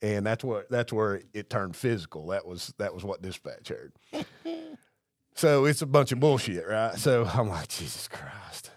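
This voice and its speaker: A male police officer who co-hosts a podcast tells profane stories over drinks, laughing at his own punchlines in casual chat. His voice is on the low side and darkish, expressive, and at normal speed, recorded clean in a studio with no room sound.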